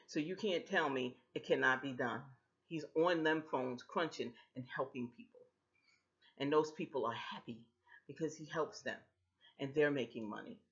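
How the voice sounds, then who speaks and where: A woman talking straight to camera from home, pitching a home business emphatically and repeating her points. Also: moderate pace. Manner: emphatic and repetitive, speaks straight to viewers. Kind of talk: casual persuasive talk to camera. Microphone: built-in webcam mic. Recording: dull lo-fi webcam audio.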